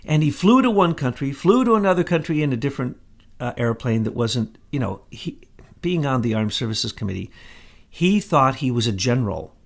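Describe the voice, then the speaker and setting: Gravelly man holding forth. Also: medium pitch, very animated, a little fast. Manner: confident, sweeping, conspiratorial. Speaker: co-host. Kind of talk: conspiratorial political talk.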